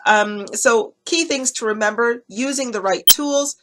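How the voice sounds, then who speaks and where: A woman hosting a casual hair care tutorial, chatty and reassuring, with lots of fillers and quick self-corrections. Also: fairly high pitch. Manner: gentle, reassuring instruction.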